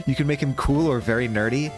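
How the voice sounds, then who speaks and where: A man's voice: mid-range voice, a little fast. A man streaming a video game live, chatting with his audience in a self-deprecating way that often breaks into laughter. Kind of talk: live gameplay narration and chat. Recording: game music underneath.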